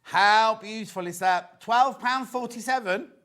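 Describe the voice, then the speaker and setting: A man's voice: high-pitched, a little slow, a bit bright. A chatty man presenting a live sewing shopping show, repeating himself and chatting with his guest. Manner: chatty, repeats himself, reads viewer messages. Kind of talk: live sales chat.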